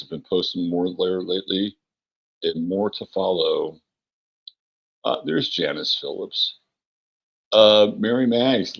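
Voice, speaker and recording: A man hosting an astrology livestream, greeting chat viewers by name in a relaxed, rambling way with many fillers and a gravelly, husky voice. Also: low-pitched, lo-fi sound. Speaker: astrology show host.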